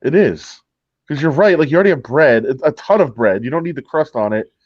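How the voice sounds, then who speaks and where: Laughing, blunt-talking man, lively pitch. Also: fairly quick, no room sound, highs cut off. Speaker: radio show co-host. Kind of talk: casual sports radio banter.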